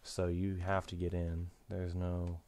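A man giving gameplay commentary, frustrated and swearing, often yelling strings of repeated no's. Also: deep voice, completely flat delivery, unhurried. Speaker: gaming YouTuber. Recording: noisy home recording.

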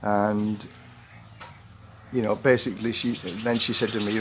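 A man's voice: lowish voice, little pitch movement, normal speed, gravelly, background noise. A retired man in his sixties telling a rambling personal anecdote to camera, full of restarts and acted-out quotes. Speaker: vlogger. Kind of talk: storytelling monologue.

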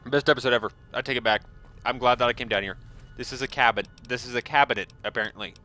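A man giving excitable let's-play commentary over a game, yelping and gushing over every find. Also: mid-range voice, quick pace, soft background music. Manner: excitable, yelps and gushes over finds. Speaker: gaming video host.

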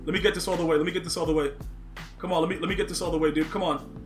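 A man's voice: fairly high pitch, level tone, racing, faint music behind. A young man live-streaming a football video game, reacting to chat and play, often repeating himself. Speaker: gaming streamer.

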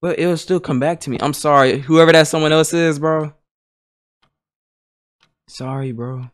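A man's voice: a little high, fairly even intonation, measured pace, dry recording, studio quality. A young man streaming a horror game, talking to himself and his chat in nervous, slangy bursts. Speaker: gaming streamer.

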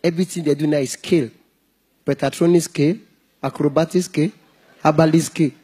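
A man with a Nigerian accent doing stand-up comedy, animated and breaking into song and mock shouting. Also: on the high side, fast talker, husky.

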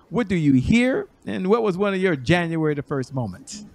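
A man's voice: high-pitched, very animated, normal speed, creaky, no echo. A man hosting a talk show, upbeat and speaking straight to the viewers. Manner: upbeat, addresses viewers directly.

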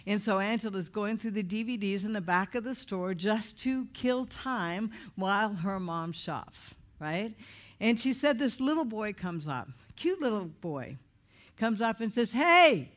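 A middle-aged woman from Idaho preaching through a personal story, acting out the voices and laughing often. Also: mid-range voice. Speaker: speaker at a church meeting. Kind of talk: storytelling sermon.

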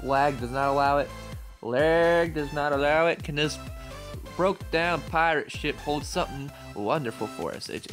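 A young man giving excitable commentary over a game he is playing, trash-talking opponents. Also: medium pitch. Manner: excitable, yelps and trash-talks. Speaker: gaming YouTuber.

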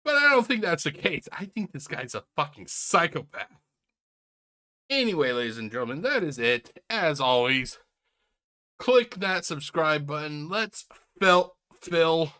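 A man hosting a reaction video, laughing often, swearing and mocking what he watches while addressing viewers as ladies and gentlemen. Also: on the high side, big pitch swings, measured pace. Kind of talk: casual reaction commentary.

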